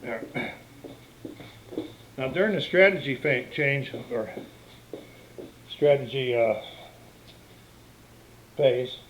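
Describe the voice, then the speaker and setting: A man's voice: medium pitch, lively intonation, slow, long pauses, lo-fi sound, a little hiss or hum. An older man casually walking through a tabletop game setup, talking in a plainspoken, meandering way on camera at home. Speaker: board game demonstrator. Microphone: camera microphone.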